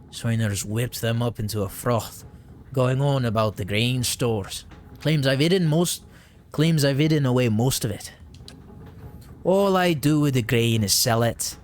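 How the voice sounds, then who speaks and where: A man's voice: medium pitch, slight background noise, close to an everyday voice. Brief: man doing a defensive elf miller, clumsy Irish-Scottish put-on accent, game read-aloud. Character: nervous middle-aged male elf miller, defensive. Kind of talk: reading game dialogue aloud.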